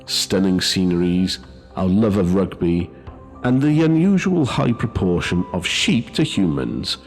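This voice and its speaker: Guy reading a spooky ghost tale, low voice, slow and measured, soft music underneath. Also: very animated. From Wales. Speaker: host and narrator. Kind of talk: scripted ghost story narration.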